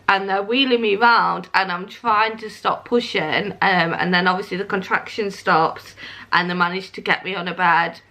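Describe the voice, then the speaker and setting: A woman's voice: lowish voice, steady tone, brisk, bright, forceful tone. A young woman, chatting casually as she tells a story to camera, laughing often and acting out what others said. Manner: chatty, laughs often, acts out quoted lines. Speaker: vlogger.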